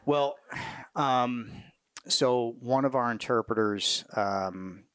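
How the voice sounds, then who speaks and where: A man's voice: medium pitch, takes it slowly, a bit bright, smooth, dry recording. A middle-aged man, a retired Marine officer, telling war stories in a casual interview, candid and profane, with many fillers and restarts.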